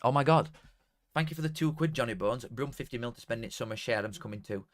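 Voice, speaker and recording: A young man with a Yorkshire accent hosts a casual football watchalong stream. He chats loosely, swears freely, and flares up quickly as results come in, in an ordinary middle-pitched voice. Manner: excitable, swears freely, bursts into shouting at goals. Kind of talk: casual live stream commentary.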